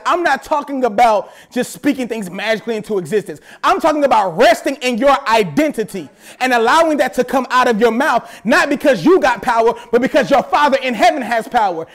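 High-voiced guy preaching at church, lively and jokey. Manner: animated preaching with playful asides. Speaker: pastor. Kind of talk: sermon. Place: church service.

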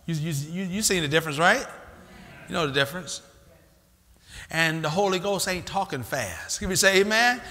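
Lively preacher in a reverberant church hall. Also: male voice, high-pitched, moderate pace, long pauses. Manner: call-and-response preaching, acting out church members. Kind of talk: sermon. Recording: live church recording with long hall reverb.

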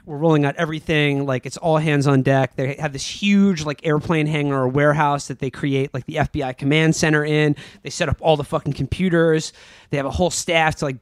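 A man narrates a film with mocking glee, slipping into put-on voices as he goes. His voice sits slightly high. The recording is dry and close, like a podcast studio. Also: no room sound. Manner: sarcastic, animated storytelling with put-on quotes. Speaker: podcast co-host. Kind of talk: comedic casual movie recap.

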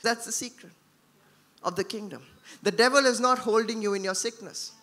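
High-voiced emphatic pastor preaching. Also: male voice, normal speed. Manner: emphatic, swings between shouting and hushed tones. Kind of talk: sermon. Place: church.

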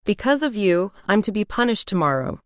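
A woman's voice: mid-range voice, big pitch swings, a little fast, no echo, clean studio sound, close to an everyday voice. A woman voicing a resentful young man who snarls and makes accusations in an audiobook.

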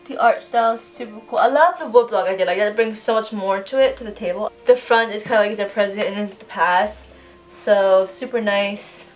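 A woman chatting casually through an unboxing, gushing and excitable, swearing freely. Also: medium pitch, brisk, far from the mic. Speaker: vlogger unboxing fan merch. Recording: voice a bit off-mic, soft music behind.

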